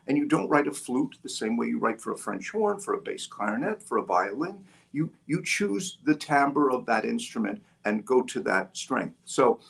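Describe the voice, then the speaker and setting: An older man, a guest author on an interview podcast, talking in an animated storytelling way with frequent restarts and fillers. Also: medium pitch, creaky, breathy edge. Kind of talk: interview conversation.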